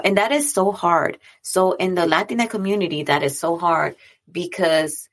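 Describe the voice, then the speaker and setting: Woman, low gravelly register, earnest chatty monologue, repeats lines to drive the point home. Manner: earnest, conversational, repeats phrases for emphasis. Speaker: speaker on mental health and boundaries. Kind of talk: reflective monologue.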